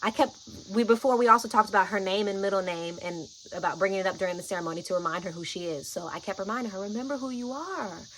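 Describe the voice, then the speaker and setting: A woman vlogger telling a personal story, chatty and animated, often saying "like" and "y'all". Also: medium pitch, rapid-fire, hardly any pauses, slight background noise, low-quality recording.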